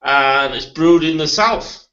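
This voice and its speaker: A rambling man chats his way through a beer tasting, laughing as he goes. His voice is bright and fairly high for a man. The audio is dull and lo-fi, like a cheap home recording. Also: lively intonation, slow. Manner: chatty, rambling, laughs often. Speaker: beer review host. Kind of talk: casual beer tasting chat.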